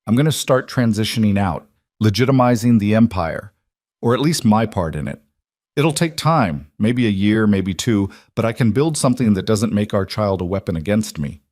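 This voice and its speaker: A man voicing a guarded mafia boss husband in a read-aloud story, speaking in a low-key, earnest way. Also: expressive, moderate pace, a little mellow, no room sound, clean studio sound, natural voice.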